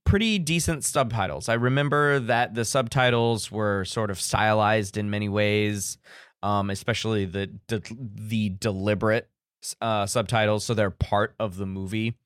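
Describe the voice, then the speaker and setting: Talking loosely about a film, this co-host wanders through his thoughts and keeps starting over. His voice sits on the low side, smooth and fairly bright, with a steady tone and moderate pace. The sound is dry and clean, like a studio.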